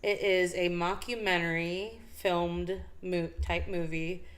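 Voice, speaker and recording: A woman co-hosting a casual live-stream chat, telling a story with lots of fillers and acted-out bits. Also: takes it slowly. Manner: animated storytelling, acts out scenes with high squeals and laughs; many fillers and restarts. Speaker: podcast co-host.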